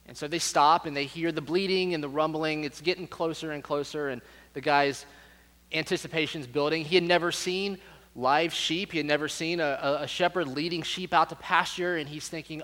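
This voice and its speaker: A man's voice: on the high side, fairly even intonation, moderate pace, fairly bright tone. A man preaching a sermon to a church, telling stories in a conversational way and often repeating words as he goes. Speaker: pastor. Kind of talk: sermon with storytelling. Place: church sanctuary. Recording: reverberant hall.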